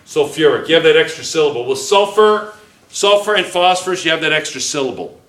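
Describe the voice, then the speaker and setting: A man's voice: fairly high pitch, expressive, brisk, fairly bright tone. A man teaching a chemistry class, thinking aloud at the board, correcting himself and checking in with the students again and again. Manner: checks in constantly with "okay?", restarts and self-corrects. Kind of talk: classroom lecture at a whiteboard. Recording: echoey classroom, recorded from a distance.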